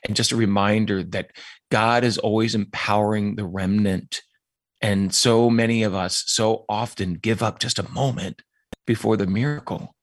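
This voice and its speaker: A man speaks as an interview guest, earnest and emphatic in his delivery. His voice sits a little low. The sound is dry and close, with little room around it. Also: brisk, dry recording. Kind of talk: interview answers.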